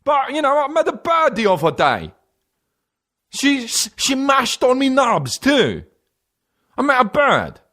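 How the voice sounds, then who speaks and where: An exaggerated fake Jamaican accent, put on by a man in a comedy podcast bit. It is pitched far above his normal voice and bounces in a sing-song way. The impression is deliberately overdone. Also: wildly swooping pitch, pushed and bright, heavily acted. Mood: mocking.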